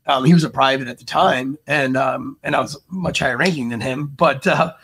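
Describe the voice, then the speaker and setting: Gravelly man telling a wild story. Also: a little fast, a little hiss or hum. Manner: animated, acts out quotes with big jumps in pitch. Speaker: podcast co-host, army veteran. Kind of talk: casual storytelling chat.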